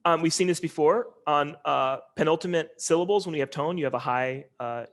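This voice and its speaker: A man giving an informal linguistics lecture over a video call, talking in a relaxed, conversational way with many ums and uhs. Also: fairly high pitch, brisk.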